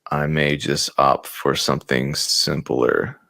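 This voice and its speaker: A man's voice: a bass voice, little pitch movement, takes it slowly, vocal fry, sharp tone, no room sound. A man running a casual live-streamed lesson on marketing, thinking aloud as he works, often repeating words and slipping in sarcastic jokes. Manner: joking and sarcastic at times. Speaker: music producer teaching a beat-selling class.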